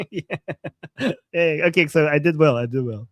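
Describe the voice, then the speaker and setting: A man from Iran co-hosts a live reaction stream, reacting with bursts of exclamations and frequent laughter. His voice sits high for a man. The sound is dry and close, with no room echo. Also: unhurried. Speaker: livestream co-host.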